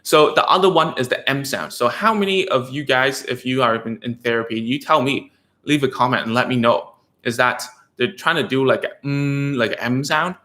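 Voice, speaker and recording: A man with a sharp-toned, mid-range voice talks in a reverberant space. The speech therapist's educational chat with parents wanders casually, thick with fillers and tag questions such as "okay?"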